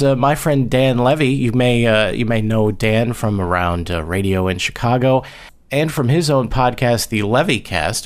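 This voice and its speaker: Podcast host guy, mid-pitched, laid back, chatty. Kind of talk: casual chat.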